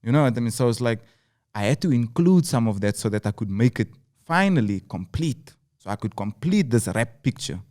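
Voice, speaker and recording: A man's voice: mid-range voice, expressive, brisk, a little mellow. A rapper from South Africa with a Cape Town accent, telling his story in an interview, earnest and building his points through repeated phrases. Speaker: rapper guest. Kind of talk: reflective interview talk.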